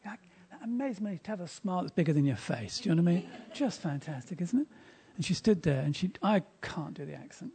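A man preaching at a church service, telling a story with emphasis and dropping to a hushed tone at quiet moments. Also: a little high, animated, brisk, gravelly, few pauses, husky. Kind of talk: sermon with storytelling.

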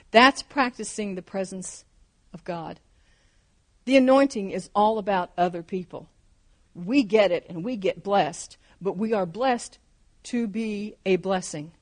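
A woman in her fifties or older preaching a sermon, fervent and emphatic, driving her points home with repeated phrases. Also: medium pitch.

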